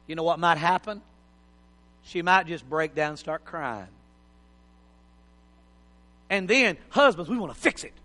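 A man's voice: a little high, expressive, measured pace, pauses often, bright, forceful tone. A middle-aged man preaching a sermon in a folksy, joking, plain-spoken way. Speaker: pastor. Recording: hall reverb.

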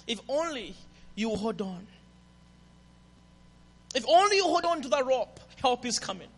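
A man preaching a passionate sermon as a pastor, dropping to a hush and then building to shouts. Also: very high voice, sing-song, unhurried, pauses often. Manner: passionate, swings from hushed to shouting. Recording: reverberant hall.

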